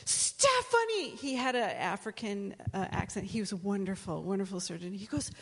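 A woman sharing a testimony at church, telling the story in a lively way and acting out other people's voices. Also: mid-range voice, a little fast, gravelly, long reverb tail.

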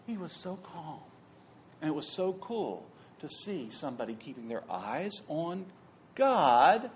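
A man's voice: on the high side, a little hiss or hum. A middle-aged man preaching a sermon as pastor, telling stories with asides. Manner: animated storytelling with asides. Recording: dull lo-fi sound.

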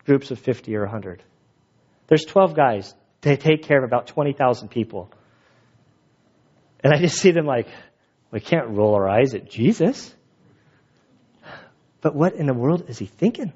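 A man preaching a sermon and telling his own stories in an animated, jokey way, laughing at his own stories. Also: medium pitch, moderate pace, long pauses, husky, lo-fi sound. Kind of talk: sermon with personal storytelling.

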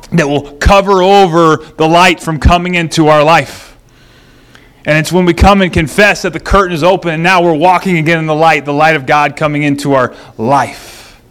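A middle-aged man preaching a sermon as a pastor, telling stories in an animated way that moves between lively and hushed. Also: fairly high pitch.

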